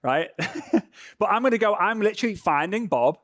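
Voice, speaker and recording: A man's voice: sits high, lively intonation, normal speed, a bit bright, no echo, clean studio sound. European man teaching in a casual, chatty way. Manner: casual, chatty, drops in "right?" checks. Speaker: social media trainer. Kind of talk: live online training session. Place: home.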